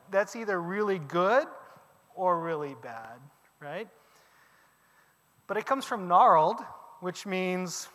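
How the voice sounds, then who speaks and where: Bright, high-voiced male teacher, animated classroom lecture with reverb. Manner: lively, questions the class, emphatic exclamations.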